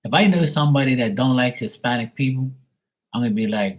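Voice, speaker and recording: A man hosting a live stream, telling a personal story in a heated, profane, animated way. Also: medium pitch, fairly quick. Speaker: livestream host. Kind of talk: casual storytelling.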